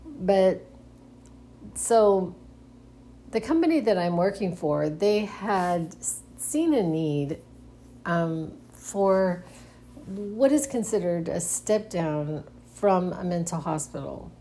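A woman's voice: fairly low pitch, animated, takes it slowly, warm tone, slight background noise. A middle-aged woman hosting a casual solo monologue, speaking hesitantly with frequent restarts and nervous giggles. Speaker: podcast host.

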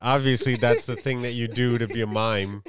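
A young man hosting a podcast, teasing his co-host in a dry, deadpan way. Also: medium pitch, normal speed, over a noisy crowd. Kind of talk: casual banter.

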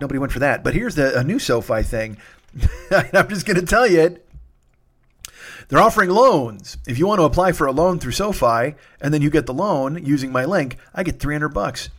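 A fairly high-voiced man rambles through a solo comedy podcast monologue, worn out, yawning and sniffly. He swears freely and pokes fun at himself as he drifts from one plug to the next. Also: fairly bright tone. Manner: rambling and profane, self-mocking.

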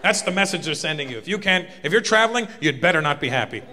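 Stand-up comedian, male, from Canada: bright and punchy, recorded live in a reverberant hall. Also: a little high, fast talker. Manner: animated storytelling, punchy exaggerated delivery. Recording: live hall with audience laughter.

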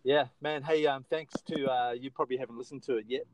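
A man's voice: mid-range voice, fairly even intonation, fast talker, slight background noise, poor audio. A man with an Australian accent hosting a casual podcast chat, easygoing and bantering with his co-host.

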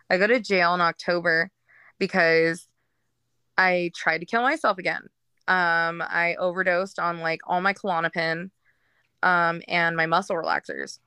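A woman's voice: lowish voice, bright, forceful tone, clear, resonant tone, no room sound. A woman candidly telling her personal story as a guest, in a frank, rambling way with frequent fillers.

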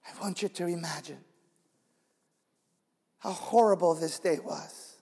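Husky, high-voiced male preacher. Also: a little slow, long pauses. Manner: animated, emotive, calls on the congregation. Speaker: guest preacher. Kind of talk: dramatic storytelling sermon. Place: church sanctuary. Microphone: handheld microphone. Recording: long reverb in a large church hall.

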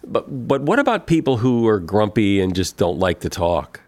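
A man's voice: lowish voice, sing-song, normal speed, a little mellow, no room sound. A male host asking questions in an interview, with small restarts as he asks.

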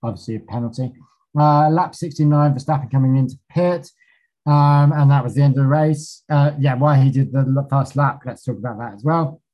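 A man's voice: mid-range voice, fairly quick, dark tone, dull audio. A man co-hosting a podcast, recapping a race in clipped notes with frequent ums and casual swearing. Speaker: podcast co-host.

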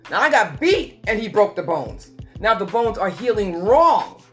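A woman telling a personal story as a guest in an earnest, repetitive way, slowing down for emphasis. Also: mid-range voice, sing-song, faint music behind. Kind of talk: emotional personal testimony.

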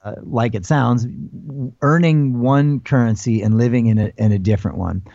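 A man's voice: mid-range voice, moderate pace, warm tone, no room sound, highs cut off. An American man in his forties talking casually as an interview guest, rambling with lots of fillers and restarts. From United States.

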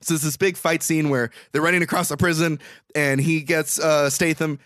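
A man co-hosting a podcast, retelling a movie in a sarcastic, animated way and swearing now and then. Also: fairly high pitch, normal speed, dry recording, studio quality. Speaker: podcast co-host. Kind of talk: casual movie recap chat.

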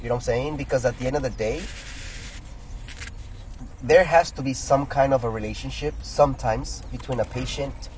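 A man's voice: mid-range voice, moderate pace, long pauses, a little mellow, slight background noise, low-quality recording. A man, host of a casual conversation, giving short replies and a thoughtful remark. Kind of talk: casual chat.

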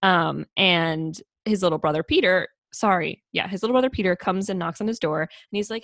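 A woman's voice: medium pitch, normal speed, few pauses, fairly bright tone, no echo, clean studio sound. A woman in casual podcast chat, giggly and full of fillers, recounting a film's plot. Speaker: podcast co-host. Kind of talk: casual movie recap chat.

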